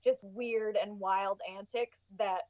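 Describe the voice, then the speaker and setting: A woman's voice: medium pitch, steady tone, slow pace, phone-quality sound. A woman in a casual podcast chat who talks in a giggly, chatty way with many fillers.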